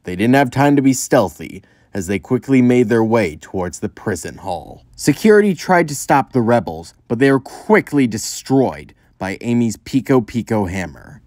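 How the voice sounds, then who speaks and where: A man reading a fan story aloud in steady storytelling narration. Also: mid-range voice, moderate pace, few pauses, dry recording, clean studio sound.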